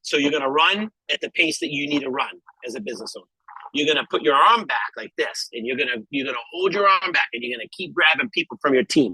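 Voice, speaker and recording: A middle-aged man with a husky, slightly breathy voice delivers a preachy motivational talk to a group call. He is emphatic and repetitive, and he keeps pausing to ask "okay?" The sound is dry and close, with no room around it. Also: fairly high pitch, very animated, pushed and bright, dry recording, low-quality recording. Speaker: network marketing leader speaking on a group call.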